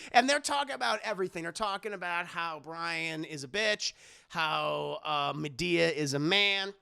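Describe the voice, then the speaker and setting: Animated, profane male streamer. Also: high voice, vocal fry, no room sound, clean studio sound. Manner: animated, profane, talks to chat. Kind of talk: casual profane film recap.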